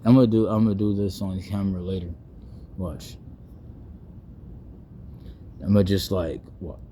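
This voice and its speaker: Young Bay Area guy, lowish voice, loose rambling vlog talk, slangy, restarts a lot, faint rumble behind. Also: steady tone, moderate pace, mellow. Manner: loose, playful, wordy on purpose, with slang and many restarts. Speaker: vlogger. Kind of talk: rambling casual monologue.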